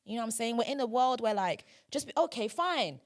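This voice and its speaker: A young woman hosting a podcast in casual chat, chatty and quick to laugh. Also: on the high side, animated. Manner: chatty, laughing, repeats yeah. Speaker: podcast host.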